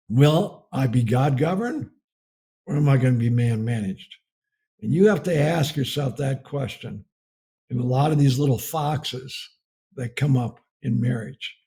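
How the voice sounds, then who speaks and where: A man's voice: medium pitch, normal speed, darkish tone, slightly rough. A middle-aged man from the United States giving a folksy storytelling sermon about marriage, chuckling as he goes. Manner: folksy, laughs through his story. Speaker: speaker on marriage.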